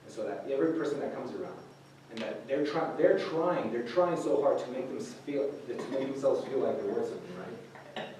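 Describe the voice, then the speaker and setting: A man's voice: medium pitch, animated, a little fast, dark tone, a little hiss or hum. A man giving an informal sermon to a group, talking casually with many fillers and restarts. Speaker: youth speaker. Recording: echoey room recorded from a distance.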